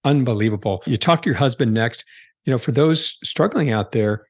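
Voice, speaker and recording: Husky-voiced man hosting a podcast. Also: mid-range voice, moderate pace. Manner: enthusiastic, repeats guest's words. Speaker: podcast host. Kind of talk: interview questions.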